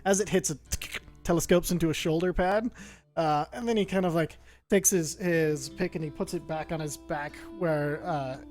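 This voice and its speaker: A man playing a tabletop game, describing his character's actions in an animated, rambling way. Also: on the high side, moderate pace, faint music behind. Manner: animated, rambling, laughing often. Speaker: player.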